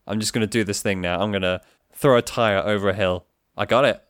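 A man co-hosting a podcast, bantering casually, animated and swearing freely. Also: on the low side, fairly quick, no room sound, clean studio sound. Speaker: podcast co-host.

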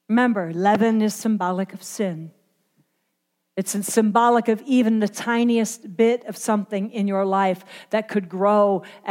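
A woman preaching a sermon, moving from hushed earnest passages to impassioned near-shouts. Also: medium pitch. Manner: impassioned, swinging from quiet to shouting. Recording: long hall reverb.

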